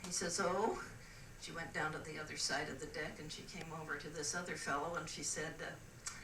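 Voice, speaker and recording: A woman's voice: low-pitched, normal speed, a bit bright, a little hiss or hum. An older woman from the West Coast telling stand-up jokes in a dry, hesitant way with many "uh"s. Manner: dry, hesitant delivery with frequent "uh"s. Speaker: stand-up comic on a cruise. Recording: roomy, distant mic with ambience.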